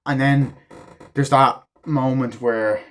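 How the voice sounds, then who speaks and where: A man's voice: medium pitch, slow, a little hiss or hum. A man giving a casual spoken movie review, swearing freely and acting out the characters' lines as he retells the scenes. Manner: excitable, profane retelling that acts out character quotes.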